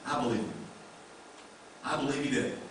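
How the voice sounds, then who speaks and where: A man's voice: mid-range voice, normal speed, a little hiss or hum. Man preaching in an echoey church. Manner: conversational preaching with rhetorical questions. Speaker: pastor. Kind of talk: sermon. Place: church sanctuary. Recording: echoey room mic from a distance.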